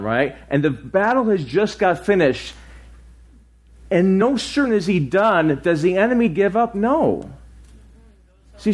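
A middle-aged male pastor preaching a sermon in a relaxed, conversational way, with asides and restarts. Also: high-pitched.

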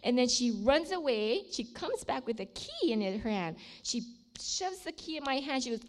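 A woman of sixty with a somewhat high voice gives a testimony sermon to a room of listeners. She tells her story in an animated way and slips into the voices of the people in it. She also leads an earnest prayer, calling on the Lord again and again. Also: normal speed. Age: 60s. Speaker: speaker sharing a testimony and leading prayer. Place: room with a seated audience.

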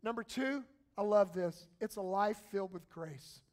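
A man preaching a sermon as pastor, moving from quiet, slow passages to shouted calls to the congregation. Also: high-pitched.

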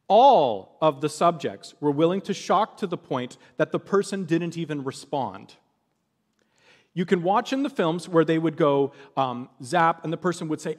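A man delivers a sermon in a fairly high voice that swoops up and down as he tells the story. He acts out the people he describes, switching into their voices. His words ring with the long reverb of a big hall. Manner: animated storytelling, acting out quoted voices. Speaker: preacher.

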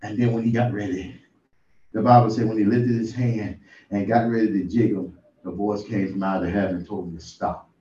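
A man's voice: fairly low pitch, steady tone, fairly quick, warm tone. A man preaching an informal sermon in a folksy storytelling way, building up to exclamations. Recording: distant, echoey, muffled room recording.

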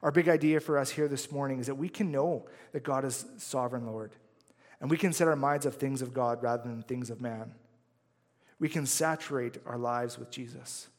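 A man delivers a Sunday sermon in an earnest, conversational way, reading scripture and then talking it through with his congregation. His voice sits at an ordinary middle pitch. The sound carries the long reverb of a large sanctuary. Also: steady tone, normal speed. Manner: earnest, conversational preaching with frequent "right?" asides. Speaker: pastor.

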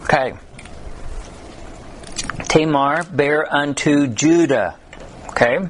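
A man's voice: on the high side, takes it slowly, slight background noise. A man teaching a Bible study in a conversational way, telling humorous stories and reading scripture aloud.

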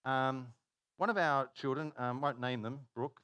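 A man's voice: medium pitch, unhurried, a bit bright, dry recording. A man preaching a conversational sermon, telling stories, stopping himself mid-sentence and acting out dialogue. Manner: chatty, self-interrupting, acts out dialogue.

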